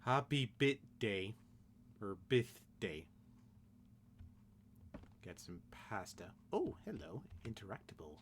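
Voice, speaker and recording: A man's voice: fairly low pitch, slight background noise. A young man streaming a horror game, chatting casually in a rambling, jokey, self-deprecating way. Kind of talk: casual let's play commentary.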